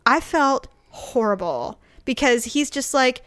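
A woman telling a story in casual conversation, animated, acting out the voices of people she quotes and laughing often. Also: high voice, slow pace, no room sound.

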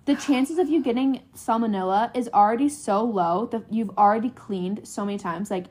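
A woman's voice: a little high, brisk, few pauses, a little mellow, slightly rough. A young woman co-hosting a podcast, telling a funny story in casual chat and laughing often. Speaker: podcast co-host.

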